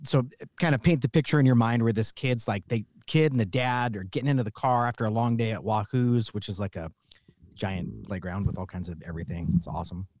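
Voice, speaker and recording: A man's voice: on the low side, brisk, no echo. A middle-aged man hosting a podcast, chatting casually and telling stories with emphasis. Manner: animated storyteller, emphatic. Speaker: podcast host. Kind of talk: casual chat.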